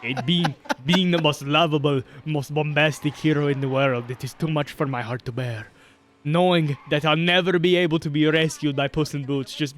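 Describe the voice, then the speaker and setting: A man's voice: fairly high pitch, steady tone, normal speed, fairly bright tone. A young man co-hosting a casual gaming podcast, rambling and jokey, laughing often. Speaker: podcast co-host.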